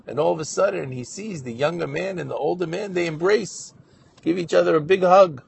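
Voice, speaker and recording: A man telling a moral story as a Torah lesson, narrating with animated questions and voiced quotes. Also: fairly high pitch, brisk, creaky, a little hiss or hum. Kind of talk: storytelling sermon.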